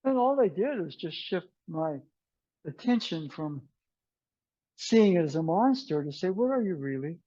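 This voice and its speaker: A man teaching an aikido class in a relaxed, meandering way, telling stories and acting out the dialogue. The recording sounds dull and muffled. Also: fairly high pitch, unhurried, long pauses, no echo. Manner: meandering storyteller who acts out dialogue. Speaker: aikido instructor. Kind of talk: informal class talk with anecdotes. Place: martial arts class.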